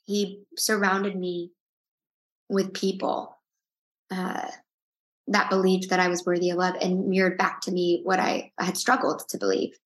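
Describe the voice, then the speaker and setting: A woman's voice: on the low side, level tone, unhurried, roomy sound. A woman, the guest in an interview, telling a personal story with earnest feeling and frequent restarts.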